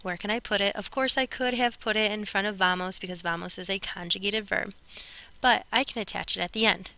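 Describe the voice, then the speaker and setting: A woman's voice: mid-range voice, fairly even intonation, fairly quick, gravelly, sharp tone, no echo, poor audio. A woman teaching a recorded Spanish grammar lesson, chatty and upbeat, speaking straight to her students. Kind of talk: recorded classroom lesson narration.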